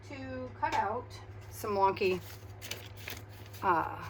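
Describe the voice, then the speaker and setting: Woman crafting and chatting to herself, kinda quiet and tired, lots of little hums, faint hiss behind. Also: mid-range voice, animated, slow, long pauses. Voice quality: hums and murmurs to herself while working. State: quiet, tired after migraine. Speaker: craft video host.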